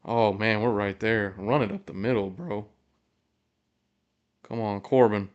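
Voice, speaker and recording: A male fan podcast host giving live reaction to a football game into a podcast mic, excitable, swearing, cheering and groaning at each play. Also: lowish voice, measured pace, long pauses.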